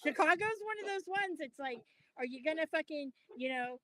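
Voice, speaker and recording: A woman co-hosting a wrestling podcast, talking casually in an animated, profane rant. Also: high-pitched, moderate pace, no room sound, rough recording. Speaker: podcast co-host. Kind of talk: casual chat.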